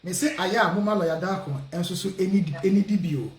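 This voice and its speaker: A man hosting a casual radio talk show, switching between Twi and English, lively and often laughing. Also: high voice, a little fast, roomy sound, a little hiss or hum.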